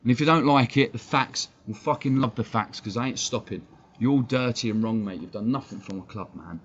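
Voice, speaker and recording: Brisk and breathy-edged, a mid-range English voice lays into a blunt, sweary rant on a live fan stream, combative all the way. The audio is dull, lo-fi stream sound with faint background noise.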